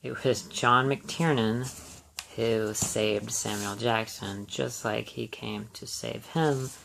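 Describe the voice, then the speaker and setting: A man with a gravelly, creaky edge to his voice, sitting at a middling pitch. He hosts a solo movie podcast and talks casually, wandering from thought to thought. His speech is full of ums, uhs and restarts. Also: steady tone, takes it slowly, fairly bright tone, slight background noise. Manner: rambling, hesitant, many fillers and restarts. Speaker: podcast host.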